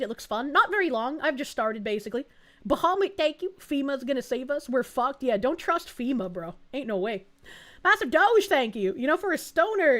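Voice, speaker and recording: Sex: woman. Role: playful streamer with high, lively voice. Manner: playful, swearing, laughing. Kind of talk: casual gaming commentary, reading chat.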